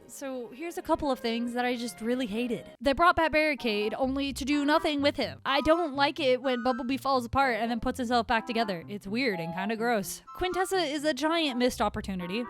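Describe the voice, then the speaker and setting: A woman with a high voice gives a casual film review, sarcastic and exasperated, bursting into animated rants. Soft lo-fi beats play faintly behind her. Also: brisk, hardly any pauses, soft background music. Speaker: movie reviewer.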